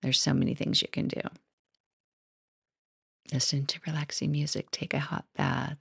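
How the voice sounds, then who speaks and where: A woman's voice: low voice, little pitch movement, moderate pace, vocal fry, husky, no room sound, clean studio sound. A middle-aged woman hosting her own podcast, telling personal stories in a rambling, casual way with frequent laughs and asides. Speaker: podcast host. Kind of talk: casual solo podcast talk.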